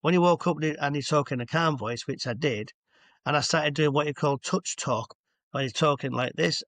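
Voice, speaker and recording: A man in his sixties chats his way through long anecdotes as a guest hypnotherapist. His voice sits a little high for a man, and it is recorded dry and close, over a video call from home. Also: moderate pace, fairly bright tone, no room sound. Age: 60s. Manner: chatty, rambling, stops to explain asides. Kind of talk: casual anecdotal storytelling. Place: at home with a dog nearby.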